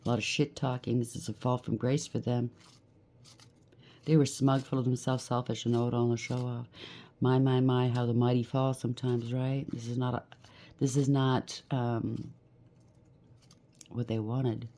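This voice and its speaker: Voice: mid-range voice, flat delivery, moderate pace, pauses often, dark tone. A tarot reader giving a collective reading, blunt and emphatic, rattling off lists of traits and often checking in with "okay?".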